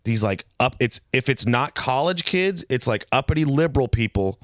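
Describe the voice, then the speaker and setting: A man of average pitch talks in loose, crude podcast banter. He restarts his sentences and drifts from point to point. The recording is dry and close, with no room sound. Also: expressive, moderate pace, dry recording. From Nebraska. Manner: rambling, restarts mid-sentence, crude jokes. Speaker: podcast co-host.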